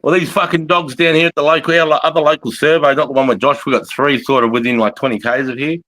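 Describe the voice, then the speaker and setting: A man's voice: on the high side, steady tone, quick pace, a bit bright, no echo, low-quality recording. A man with an Australian accent hosting a live chat, talking bluntly and swearing as he rants about local gripes. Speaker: live stream host.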